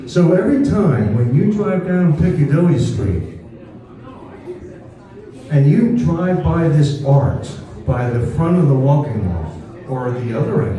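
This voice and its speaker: A man's voice: fairly high pitch, mellow. Folksy man speaking in an echoey hall. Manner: folksy, leads the crowd in call and response. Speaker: speaker at a historical birthday celebration. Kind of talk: informal public talk to an audience. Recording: distant, very echoey room.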